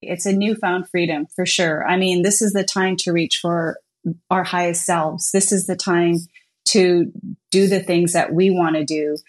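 A woman's voice: on the low side, fairly even intonation, measured pace. A middle-aged woman as an interview guest, talking in an upbeat, encouraging way. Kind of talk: casual interview chat.

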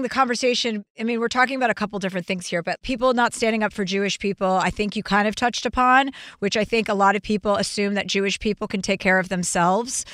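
A woman's voice: on the high side, a bit bright, dry recording, studio quality. A woman hosting a podcast in casual chat, a stand-up comic who talks bluntly and swears freely. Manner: blunt, profane, fast-talking.

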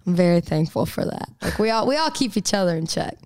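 A woman's voice: on the low side, animated, fast talker, darkish tone, no room sound. A chatty 22-year-old woman from Texas, a singer talking in a radio interview, laughing often and rambling through restarts. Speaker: singer-songwriter guest. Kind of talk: casual radio interview chat.

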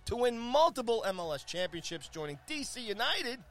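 A man hosting a casual soccer scores segment, energetic and playful, with lots of fillers, teasing his co-host. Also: very high-pitched, a little fast, over music. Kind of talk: casual sports rundown on a talk show.

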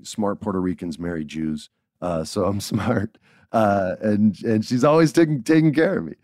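A man hosting a podcast, telling a family story in a casual, animated way with frequent laughs. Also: on the low side, no echo, studio quality. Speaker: podcast host.

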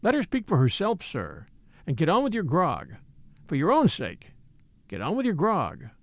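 A man's voice: a little high, wildly swooping pitch, normal speed, no room sound. A man doing an old, fatherly house steward. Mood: earnest. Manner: earnest, confidential. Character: loyal elderly male house steward, fatherly. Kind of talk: audiobook character reading.

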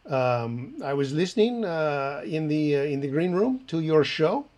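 Comic fake-French chef played by a man, higher voice, put-on French accent, pauses a lot, proud of his dumpster cuisine. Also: very animated, a little mellow. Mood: smug. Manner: halting, full of "uh" pauses. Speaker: guest chef. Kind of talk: improvised comedy podcast bit.

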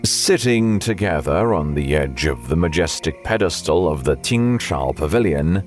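A man narrating an audiobook with measured storytelling and faint music behind. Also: extremely low pitch, animated.

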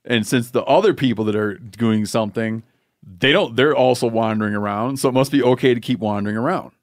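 A man's voice: mid-range voice, fairly quick, dry recording, clean studio sound. A man hosting a podcast, telling a rambling, playful story in casual chat. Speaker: podcast host.

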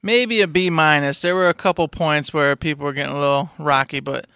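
A man's voice: a little high, fairly even intonation, a little fast, gravelly, sharp tone, clear, resonant tone, dry recording, studio quality. A man hosting a podcast, chatting casually in a playful, teasing way. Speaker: podcast host. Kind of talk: casual chat.

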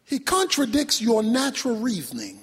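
A male pastor preaching a sermon, emphatic, swinging from shouted points to quiet low asides. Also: wildly swooping pitch, normal speed, breathy edge. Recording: long reverb from a large hall.

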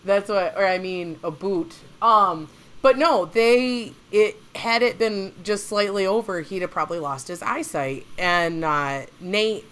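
A woman's voice: mid-range voice, measured pace, a bit bright, clear, resonant tone. A woman hosting a casual podcast chat, telling stories in a chatty way and often laughing. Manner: chatty storyteller, laughs often, acts out quotes.

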